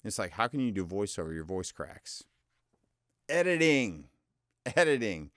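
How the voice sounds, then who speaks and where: A man's voice: low voice, expressive, a little fast, fairly bright tone, no echo, clean studio sound. A man in his forties coaching voiceover work in a loose, chatty, self-deprecating way, his voice often cracking. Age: 40s. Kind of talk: casual instructional talk.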